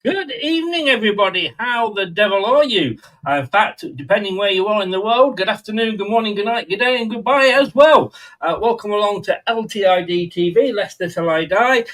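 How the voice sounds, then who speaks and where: A man's voice: high voice, brisk, fairly bright tone, rough recording. A man hosting a fan channel talk show, joking and rambling with frequent laughs. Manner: jokey, rambling, laughs often. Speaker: podcast host. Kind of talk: casual chat.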